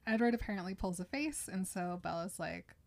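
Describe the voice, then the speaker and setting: A woman's voice: mid-range voice, animated, fairly quick, gravelly, a little mellow. A woman casually recapping a book chapter, chatty and giggly as she tells it.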